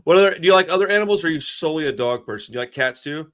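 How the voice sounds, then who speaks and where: A man's voice: a little high, lively intonation, rapid-fire, fairly bright tone. A man hosting a casual interview chat, laid-back and easygoing, calling his guest dude. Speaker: interview host.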